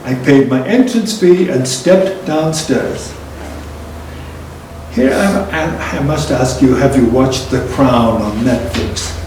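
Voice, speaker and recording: An older man with a Liverpool accent telling a reminiscence in a slow, reflective way, laughing between lines. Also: medium pitch, a little mellow. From England. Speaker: storyteller. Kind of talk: storytelling reminiscence. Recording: roomy and distant with faint noise.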